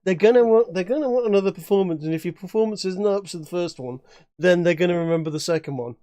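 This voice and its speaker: A man's voice: high voice, quick pace, dark tone, no echo. A man from England chatting as a player in a tabletop game, rambling with many restarts and fillers. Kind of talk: casual chat at a tabletop game.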